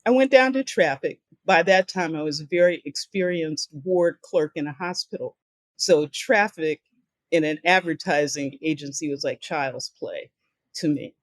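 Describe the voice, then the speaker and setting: Older woman telling lively career stories. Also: deep voice, moderate pace, no echo. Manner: animated storyteller who acts out the voices of people she quotes. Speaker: guest speaker and author. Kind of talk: storytelling in a podcast interview.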